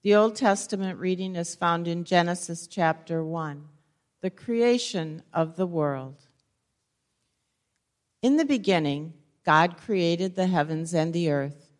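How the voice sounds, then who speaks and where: A woman reading the day's scripture aloud in church, slowly and carefully. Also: lowish voice. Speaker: scripture reader.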